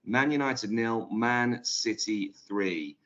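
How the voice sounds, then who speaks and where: A man's voice: medium pitch, slow pace, fairly bright tone, dull audio. A man hosting a casual football chat podcast over a video call, chatty and leading the talk with filler ums. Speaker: podcast host.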